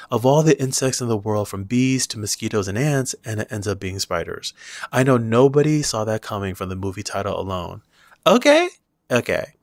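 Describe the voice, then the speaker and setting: A man's voice: on the low side, no room sound. A man giving a casual, wry movie review with a sarcastic edge.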